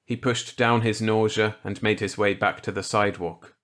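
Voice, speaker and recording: A man narrating a grim short story in a measured, deliberate way. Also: lowish voice, fairly even intonation, fairly bright tone. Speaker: audiobook narrator. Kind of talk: scripted narration.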